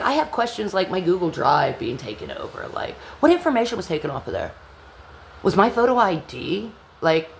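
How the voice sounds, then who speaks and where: A woman telling an angry personal story in a blunt, profane vlog monologue that sometimes drops to a low whisper. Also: creaky. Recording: echoey room with faint background hum.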